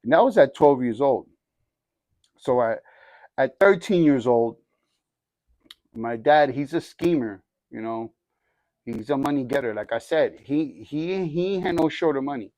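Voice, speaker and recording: A man's voice: mid-range voice, expressive, unhurried, pauses often, darkish tone, no echo. A man sharing his personal testimony in casual street slang, acting out the dialogue as he tells it, with frequent restarts and "you know what I mean.". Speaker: church group member giving his testimony.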